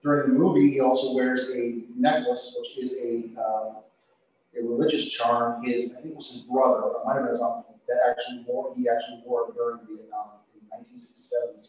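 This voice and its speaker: Male yoga teacher, easygoing cueing, heavy room echo, dull muffled sound. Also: mid-range voice. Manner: relaxed, unhurried cueing with frequent uh fillers. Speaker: yoga instructor. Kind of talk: yoga class instruction with trivia. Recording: echoey, distant, dull studio audio.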